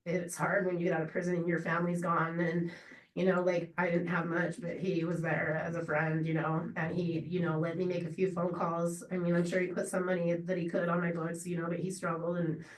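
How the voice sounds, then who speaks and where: A woman giving an unscripted memorial tribute to a friend, halting and rambling with many fillers and restarts. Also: fairly low pitch, little pitch movement. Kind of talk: emotional unscripted memorial speech. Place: memorial gathering room. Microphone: distant laptop or room mic on a video call. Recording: roomy, distant video-call audio.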